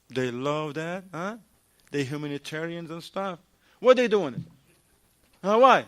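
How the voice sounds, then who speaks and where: A man giving an animated talk at a mosque, firing rhetorical questions at the audience and acting out short dialogues. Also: on the high side, unhurried, long pauses. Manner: acts out little dialogues in shifting voices. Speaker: mosque lecturer. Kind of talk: lively mosque talk on marriage.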